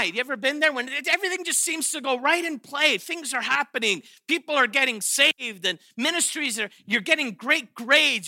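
A man preaching a sermon, animated and playful, often restarting his sentences and acting out quotes with sarcasm. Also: extremely high pitch, dry recording, studio quality. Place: chapel or auditorium.

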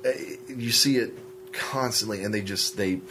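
A man co-hosting a podcast, telling stories in a joking, animated casual chat. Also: lowish voice, normal speed, a little hiss or hum. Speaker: podcast co-host.

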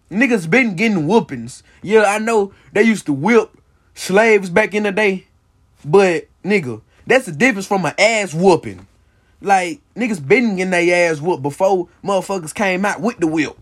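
A young man with a high voice holds forth on his own podcast. He talks bluntly, heated and insistent, swearing freely and tossing in "bro" and "you feel me" to drive each point home. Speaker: podcast host. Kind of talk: casual solo podcast rant.

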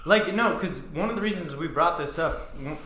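A man's voice: on the high side, normal speed, roomy sound, heavy background noise. A man co-hosting a podcast who asks curious, prodding questions in casual chat. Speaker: podcast co-host.

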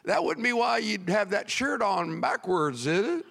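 A preacher doing a dry, teasing park ranger. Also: male voice, high voice, sing-song, measured pace, gravelly, fairly bright tone, pitched above the performer's own voice, heavily acted. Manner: dry, needling questions. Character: laconic male campground ranger, teasing.

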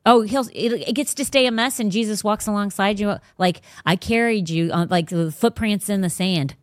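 A woman's voice: mid-range voice, moderate pace, dry recording, studio quality. A woman hosting a faith podcast, talking casually but bluntly and emphatically. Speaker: podcast host.

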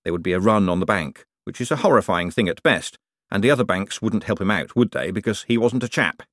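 A man narrating a comic fantasy novel as an audiobook, with expressive, wry storytelling. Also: on the low side, a little fast, no echo, studio quality. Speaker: audiobook reader.

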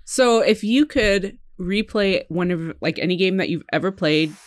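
A man's voice: sits high, normal speed, dry recording, clean studio sound. A man hosting a casual podcast who asks the question of the week and answers with short, encouraging remarks. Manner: brief, encouraging interjections. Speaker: podcast host asking the weekly question. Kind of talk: casual chat.

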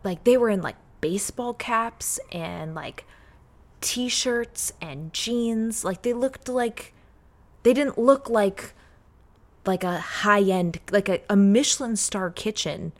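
A woman's voice: medium pitch, slow pace. A woman who bakes professionally, co-hosting a podcast and telling stories in casual chat, full of "like.". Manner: storytelling, filler-heavy "like". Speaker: professional baker, podcast co-host.

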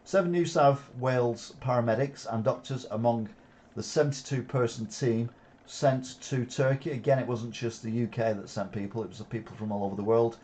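A man's voice: medium pitch, steady tone, brisk, a little mellow. Sarcastic Wigan man reading headlines. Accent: Wigan, Lancashire. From Wigan, England. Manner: sarcastic asides, frequent fillers. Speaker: news commentary host. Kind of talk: reading headlines with off-the-cuff commentary.

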